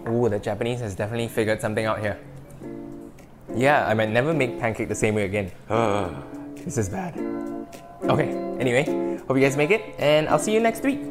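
Music plays behind a man talking fast in a medium-pitched voice. He hosts a casual cooking podcast, cooking and tasting as he speaks, and keeps erupting into excitable, delighted exclamations.

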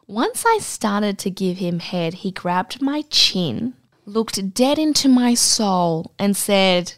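A woman with a mid-range voice co-hosts a podcast, reading a listener's story aloud with a dry, deadpan delivery. Her asides come out just as blunt. The recording is close and dry, with no room sound. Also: medium pitch, takes it slowly, no room sound. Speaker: podcast co-host.

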